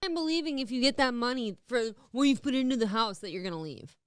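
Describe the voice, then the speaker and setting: A woman's voice: on the high side, lively intonation, quick pace, clean tone, no room sound. A woman co-hosting a streamed talk show, teasing her partner in blunt, profane banter.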